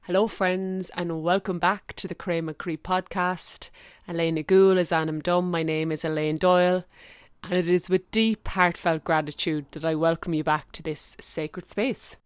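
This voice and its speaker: Irish woman, Kilkenny country accent, low and slow, soothing meditation host, dry close mic. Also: fairly even intonation, smooth, dry recording. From Ireland. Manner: gentle, heartfelt, slow and soothing with soft laughs. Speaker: podcast host. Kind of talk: spiritual podcast with guided meditation.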